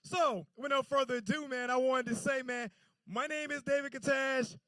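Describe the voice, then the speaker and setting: A man's voice: very high voice, normal speed, fairly bright tone, no echo. A man doing a stand-up set on a comedy club stage, telling stories loosely with stammering restarts.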